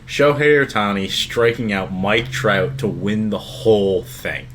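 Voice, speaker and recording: Young male co-host, lower voice, earnest and keen, light noise floor. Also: a little slow, fairly bright tone. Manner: earnest, enthusiastic storyteller. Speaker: podcast co-host. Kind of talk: casual sports chat.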